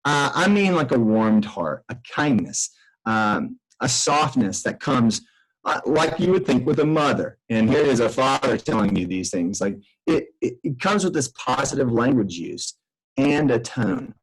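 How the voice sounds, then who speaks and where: A man's voice: medium pitch, animated, unhurried, breathy edge, rough recording. A middle-aged man giving a parenting lesson from a room in his house, speaking earnestly and conversationally, often restarting his sentences. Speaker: extension educator. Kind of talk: recorded parenting lesson from home.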